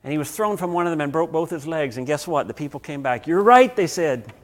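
Man, pastor, sermon, slightly high voice, storytelling, loud-to-hushed swings. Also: quick pace.

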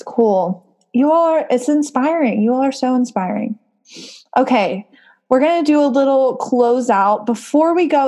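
A woman with a fairly high voice hosts a casual live group call. She talks in an upbeat, encouraging way, laughs often and leans on "like" as she reads out and answers viewer comments. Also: a little mellow.

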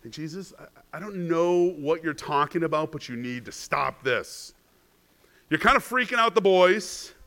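A man's voice: a little high, animated, unhurried, pushed and bright, exaggerated voice. A man acting out an impulsive male disciple who urgently pleads with his teacher to stop talking about suffering. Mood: alarmed pleading.

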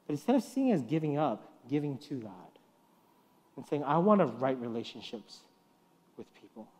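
A middle-aged man preaching a guest sermon in a church, telling stories and acting out the voices he quotes, swinging from soft to loud. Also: mid-range voice, sing-song, moderate pace. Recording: long reverb of a church hall.

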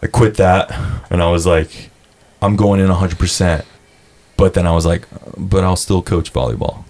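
A young man with a low voice talks casually as a podcast guest. He tells stories in a relaxed, rambling way, calls people dude, swears freely, and acts out what others said. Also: moderate pace. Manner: laid-back storyteller, says dude a lot, swears, acts out quotes. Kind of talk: casual chat.

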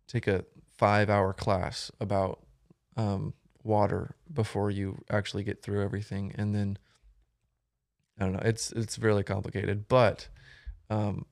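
A man's voice: lowish voice, vocal fry, darkish tone, dry recording, studio quality. A young man, a guest on a podcast, talking casually and rambling with many ums and restarts. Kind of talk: casual conversation.

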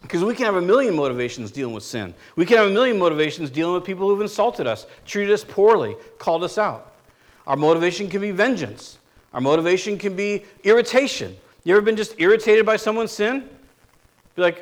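A man pastor giving a conversational sermon, asking the congregation rhetorical questions and getting animated when he makes a point. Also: high-pitched, a little fast.

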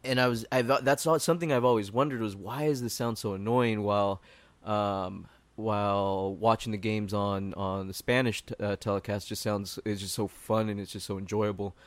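A man in casual podcast chat, laying out his views in a measured, reflective way. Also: lowish voice, steady tone, no room sound. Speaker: podcast co-host.

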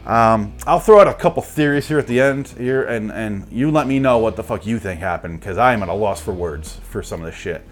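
A man's voice: lowish voice, brisk, hardly any pauses, soft background music. A man casually recapping a movie in a rambling, profane, sardonic way. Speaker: movie reviewer.

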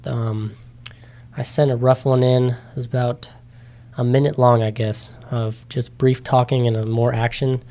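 A nineteen-year-old man in a casual interview, telling his story with many ums and likes and lively quoted voices. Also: medium pitch, a little slow. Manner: chatty, animated when quoting others, many ums and likes. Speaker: interview guest, competitor.

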